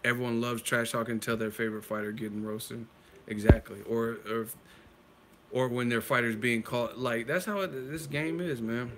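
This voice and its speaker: A man hosting a live-stream boxing chat, talking casually and excitedly, laughing often and swearing freely. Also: medium pitch, moderate pace, noisy background. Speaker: boxing channel host.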